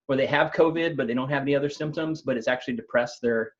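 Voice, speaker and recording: A man, a company's technical chief, explaining new gadgets in a relaxed conversational way, with frequent fillers and restarts. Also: mid-range voice, quick pace, muffled recording. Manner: thoughtful, many fillers and restarts. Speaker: company CTO explaining tech news.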